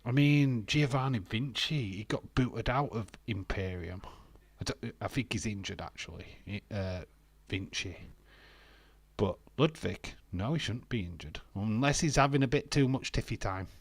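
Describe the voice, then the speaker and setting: A man's voice: lowish voice, measured pace, husky, no room sound. A British man from the UK chatting casually over a live wrestling stream, laughing and joking with viewers. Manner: chatty, laughs often, sings and jokes to himself. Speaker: wrestling watch-along streamer.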